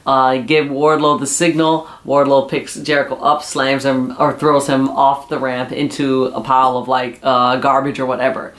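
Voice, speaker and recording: A man's voice: medium pitch, level tone, normal speed, few pauses, a bit bright. A man casually recapping a wrestling episode, rambling with lots of "uh" and "you know.". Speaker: wrestling show reviewer.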